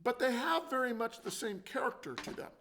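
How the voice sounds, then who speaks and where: A man's voice: very high-pitched, lively intonation, a little fast, vocal fry. A man teaching a percussion lesson, explaining and counting out drum rhythms. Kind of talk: instructional demonstration. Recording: loud drumming and clicks behind.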